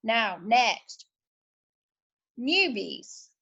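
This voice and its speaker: A woman's voice: on the high side, sing-song, drawn-out words, vocal fry, sharp tone, breathy edge, lo-fi sound. A woman with a British accent giving an enthusiastic, chatty motivational talk as a sales team leader. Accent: British English.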